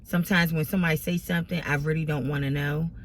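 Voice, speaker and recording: A woman's voice: deep voice, fairly even intonation, quick pace, slight background noise. A grown woman vlogging to her followers, venting about family drama in an exasperated, rambling way, close to tears. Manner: tearful, exasperated, rambling with many restarts. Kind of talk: emotional personal venting to camera.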